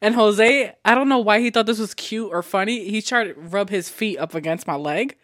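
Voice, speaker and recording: A woman's voice: mid-range voice, moderate pace, a bit bright. A woman co-hosting a podcast with her partner, telling stories animatedly and laughing through her lines. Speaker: podcast co-host. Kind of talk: casual couple chat.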